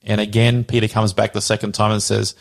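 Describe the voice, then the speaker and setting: A man's voice: fairly low pitch, level tone, brisk, gravelly. A man casually explaining a Bible passage, animatedly acting out the quoted dialogue.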